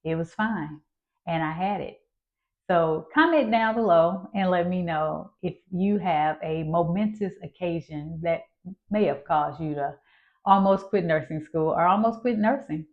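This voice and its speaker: Woman, fifties, nurse, animated storyteller, muffled lo-fi recording. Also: on the low side, unhurried. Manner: lively storyteller, acts out her own panicked past voice. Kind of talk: personal storytelling vlog.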